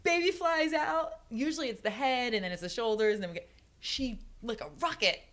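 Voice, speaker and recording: A woman, likely in her thirties, excitedly telling a personal story in a casual podcast chat, full of "like". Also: fairly high pitch, quick pace. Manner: animated, excited storytelling with frequent "like". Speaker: guest.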